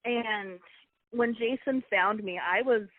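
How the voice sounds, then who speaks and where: Her voice is fairly high and slow, with no room sound, coming through a tinny phone-like line that stays dry. She is a young woman, a wrestling coach's wife, telling personal stories as an interview guest. Her casual storytelling is chatty and emotional, full of restarts.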